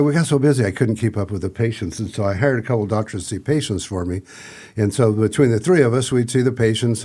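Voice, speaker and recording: Podcast guest, middle-aged man, lowish mellow voice, loose storyteller who slips into other people's voices. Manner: rambling anecdotes with acted-out quotes and restarts. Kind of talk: casual storytelling.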